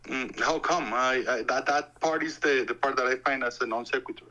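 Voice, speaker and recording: A man's voice: medium pitch, a little fast, pushed and bright, lo-fi sound. A man with a foreign accent calling into a stream debate, stammering and repeating words, half joking. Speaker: caller.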